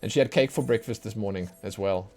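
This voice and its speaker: A man's voice: fairly low pitch, fast talker, a little mellow. A man chatting casually while streaming a game, tired from lack of sleep and rambling in a chatty, self-mocking way. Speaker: let's play streamer. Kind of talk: casual chat while gaming. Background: faint game music.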